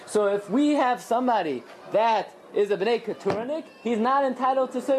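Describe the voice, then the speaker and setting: A woman teaching a lively Talmudic lesson, acting out quoted voices and asking and answering her own questions. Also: fairly high pitch, moderate pace, few pauses, a little hiss or hum. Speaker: Torah teacher.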